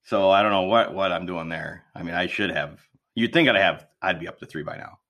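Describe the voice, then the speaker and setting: A man's voice: deep voice, a little fast, a bit bright. A man in his fifties, a grandfather, co-hosting a podcast in easygoing, teasing casual chat. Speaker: podcast co-host.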